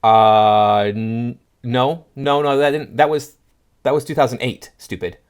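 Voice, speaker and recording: A man of medium pitch hosts a commentary show. He reads posts aloud and answers each one in a dry, scoffing, sarcastic tone. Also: fairly even intonation, unhurried, clear, resonant tone. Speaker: political commentary host. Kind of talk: reading and reacting to posts.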